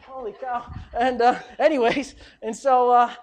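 A pastor preaches in a conversational yet emphatic manner, addressing the congregation directly and shifting between loud insistence and quiet asides. His pitch is extremely high, his tone level, and his pace moderate.

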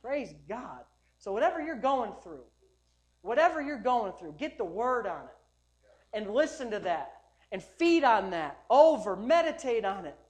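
High-voiced man preaching emphatically. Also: very animated, unhurried. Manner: emphatic and repetitive, building to loud declarations. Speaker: pastor. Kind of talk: sermon. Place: church service.

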